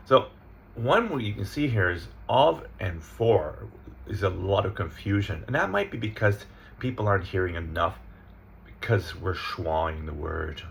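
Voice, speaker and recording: Guy teaching english pronunciation, low gravelly voice, keeps checking in with right? okay?. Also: a bit bright. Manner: explains step by step, often checking in with "right?" and "okay?"; reads example words and sentences aloud slowly. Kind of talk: slide-based lesson.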